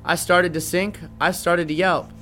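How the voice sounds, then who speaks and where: A young man reading a rhyming children's picture book aloud at a steady, rhythmic pace. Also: high-pitched, unhurried, soft background music. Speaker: guest reader, band musician.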